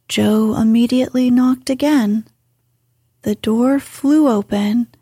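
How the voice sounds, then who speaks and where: Breathy whispering woman reading a story. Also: on the high side, no room sound, studio quality. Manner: soft, slow, breathy narration. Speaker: audiobook reader. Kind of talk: whispered role-play.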